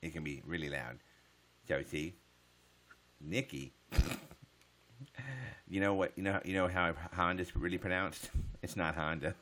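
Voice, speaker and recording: Deep-voiced joking male streamer. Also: steady tone, moderate pace, long pauses, a bit bright. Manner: joking, profane, riffing. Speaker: live streamer. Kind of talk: casual live-stream chat answering viewers.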